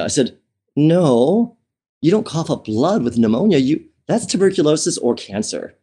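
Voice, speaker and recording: A man's voice: a little high, very animated, moderate pace, a little mellow, breathy edge. A man telling a personal story in an interview, candid and emotional, with many fillers and restarts. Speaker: interview guest.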